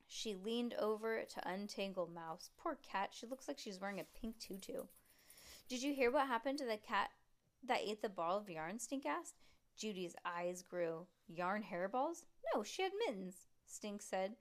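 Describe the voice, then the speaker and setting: A woman reading a children's book aloud at home, voicing the characters in a lively way and stopping to chat and laugh with a child. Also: medium pitch. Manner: lively, voices the characters, chats and laughs between passages. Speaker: reader.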